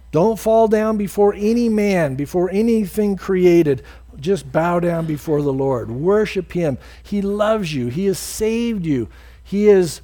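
A man preaching a sermon as pastor and leading a closing prayer in a church, earnest, acting out quoted speakers in a higher voice. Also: dark tone.

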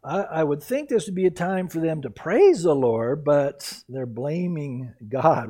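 A man preaching a verse-by-verse Bible teaching sermon, animated and lively, sometimes acting out the people in the story. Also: a little high, measured pace, few pauses. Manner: animated, acts out quoted voices and reactions, laughs at his own asides. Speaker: pastor.

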